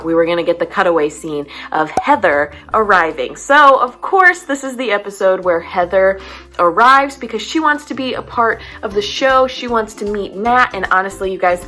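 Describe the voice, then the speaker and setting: A woman chatting casually, retelling a show in an animated, exasperated way with plenty of filler words. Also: medium pitch. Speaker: recap vlogger. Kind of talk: casual chat.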